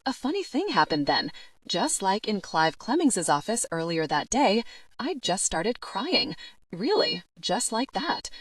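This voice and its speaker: A woman's voice: medium pitch, very animated, a little slow. A woman reading a young-adult audiobook in first person, with a chatty, wry teen-girl storytelling manner. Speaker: audiobook narrator.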